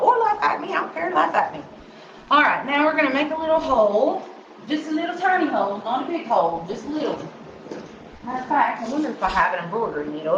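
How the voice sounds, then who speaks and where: A woman's voice: medium pitch, background noise. A woman hosting a live craft demonstration, chatty and sing-songy, talking to herself as she works. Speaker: craft tutorial host. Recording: roomy, slightly dull sound.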